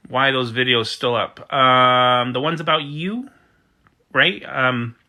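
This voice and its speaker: American man, livestream host, mid-pitched, very bright timbre, chatty and loose, reacts to comments. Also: slow. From United States. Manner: chatty, reads out usernames and reacts. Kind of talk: casual chat reading viewer comments.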